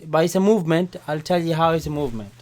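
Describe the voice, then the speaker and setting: A man teaching a Quran class, explaining vowels step by step and checking in with his students. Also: fairly high pitch. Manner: repeats Arabic words slowly and loudly, checks in with "right?". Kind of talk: classroom Arabic lesson.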